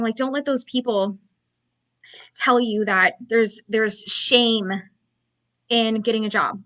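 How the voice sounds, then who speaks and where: A young woman coaching business owners in a motivational talk, with a voice sitting a little high. She speaks bluntly and emphatically, in a loose conversational way with plenty of fillers. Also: fairly even intonation, slow pace, long pauses.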